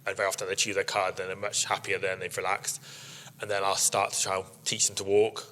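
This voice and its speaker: A man, a sheep breeder, giving an informal workshop talk to an audience, chatty and quick to act out what people said, laughing often. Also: low voice, flat delivery, pushed and bright, slight background noise. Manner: chatty storyteller, acts out quotes, laughs often. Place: live workshop in front of an audience.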